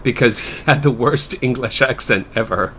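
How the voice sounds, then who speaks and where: A man's voice: medium pitch, normal speed, fairly bright tone, a little hiss or hum. A man co-hosting a podcast in casual chat, jokey and chuckling, with lots of fillers. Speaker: podcast co-host.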